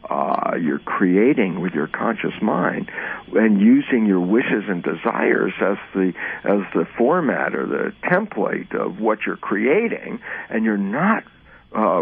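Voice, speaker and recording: A man being interviewed, explaining casually and acting out both sides of imagined conversations in an animated way. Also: mid-range voice, gravelly, slightly rough. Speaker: interview guest. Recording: narrow phone-like sound.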